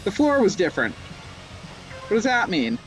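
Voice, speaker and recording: A young male streamer talks through a racing game in a slightly high voice. He rambles, mocks himself and lets out sudden yelps, with faint game music in the background. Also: wildly swooping pitch, a little slow, fairly bright tone. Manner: rambling, self-mocking jokes, sudden yelps. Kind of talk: live gameplay commentary.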